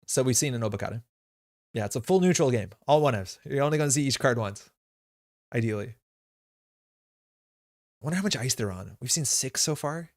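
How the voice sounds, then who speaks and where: A streamer thinks aloud through a live card game, weighing each move in loose, casual phrasing full of fillers. His everyday mid-pitched voice is expressive and a little fast, broken by long pauses, and the sound is dry and close with no room echo.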